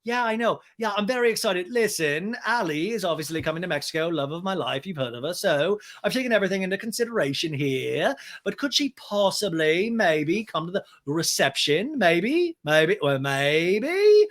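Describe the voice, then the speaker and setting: A man's voice: sits high, very animated, normal speed, fairly bright tone. A man putting on a hesitant, stammering young man who pleads and fumbles his words. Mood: pleading.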